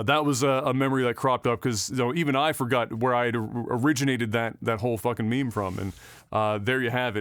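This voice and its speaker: A man's voice: mid-range voice, clean tone, dry recording, studio quality. A man co-hosting a casual podcast, rambling and swearing freely, with plenty of fillers. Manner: rambling, profane, with frequent fillers. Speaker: podcast co-host.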